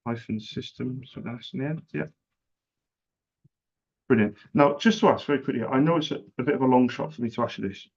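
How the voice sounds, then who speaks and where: A man's voice: mid-range voice, darkish tone. A man who runs a small business, chatting casually and making a sales call, earnest and repeating himself as he talks. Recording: dull lo-fi recording.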